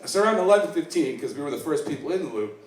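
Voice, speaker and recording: Here the Icelandic open mic comedian races along in a fairly high, sing-song voice. He rambles, mocks himself, and voices the people in his stories, while the audience laughs in an echoey room miked from a distance.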